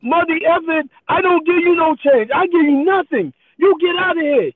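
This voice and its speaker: A man's voice: very high voice, normal speed, voice pushed up. A man voicing a stubborn, flustered male store cashier in a put-on Indian accent, repeating himself insistently. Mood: angry. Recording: tinny phone-like line.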